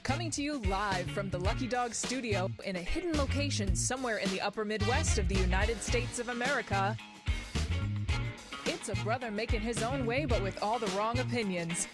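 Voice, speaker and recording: A woman reading a formal, showbiz-style introduction for a show. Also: a little high. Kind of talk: scripted announcer intro.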